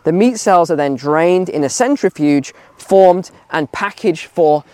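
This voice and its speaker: A man's voice: fairly high pitch, lively intonation, unhurried, warm tone, dry recording. A man talking outdoors on a walk, giving emphatic opinions and repeating phrases for stress. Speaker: video commentator. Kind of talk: casual opinion vlog while walking.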